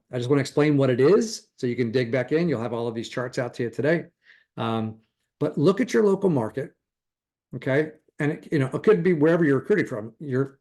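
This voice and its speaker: Animated man teaching a sales class. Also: medium pitch. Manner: animated, acts out quoted conversations, chuckles often. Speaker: real estate recruiting instructor. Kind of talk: casual online class teaching.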